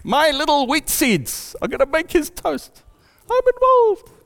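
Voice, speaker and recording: A man voicing a boastful little wheat plant in a sermon, in a shrill, self-important way. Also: very animated, measured pace, a bit bright, heavily acted. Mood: proud. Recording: long hall reverb.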